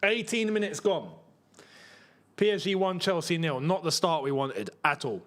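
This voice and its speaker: A young man hosting a live football watchalong, reacting with frustration and bursts of excitement. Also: on the high side, moderate pace. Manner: frustrated, animated, swings between muttering and shouting. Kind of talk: live match watchalong commentary.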